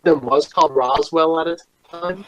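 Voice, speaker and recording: A man's voice: a little high, moderate pace, soft background music. A man co-hosting a podcast in casual chat, rambling, self-deprecating and trailing off mid-thought. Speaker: podcast co-host. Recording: dull, dry lo-fi mic.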